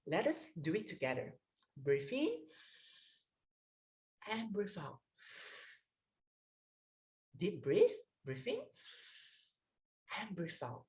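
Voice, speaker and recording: A woman coach giving a slow, guiding lesson on calming down and leading a breathing exercise. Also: lowish voice. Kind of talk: instructional talk.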